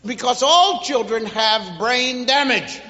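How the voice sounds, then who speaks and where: A man's voice: extremely high pitch, takes it slowly, dull audio, noisy background. A man doing a stand-up comedy routine, animatedly telling stories and mimicking parents and children. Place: comedy stage before an audience. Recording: live stage recording with long reverb.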